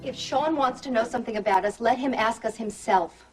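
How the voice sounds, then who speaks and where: An actress playing an anxious, loving wife and best friend in a soap opera, talking with emotion. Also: female voice, on the high side, a little fast, faint music behind, lightly acted, poor audio. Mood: pleading. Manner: emotional and pleading, soft when tender.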